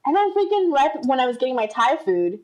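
A woman's voice: high-pitched, big pitch swings, fairly quick, darkish tone, low-quality recording. A young woman from the United States co-hosting a podcast, telling a story in a chatty way and acting out the voices of the people in it. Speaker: podcast co-host. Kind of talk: casual chat. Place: room at home.

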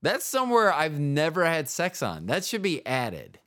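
A man's voice: on the high side, huge pitch swings, moderate pace, bright, forceful tone. A man hosting a podcast, telling jokes and rambling in casual chat, often trailing off mid-sentence. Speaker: podcast host.

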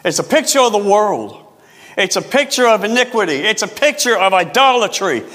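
High-voiced preaching man in a reverberant hall. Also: big pitch swings, bright, forceful tone. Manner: preaching with emphatic repetition, drawn-out phrases. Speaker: pastor. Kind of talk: sermon.

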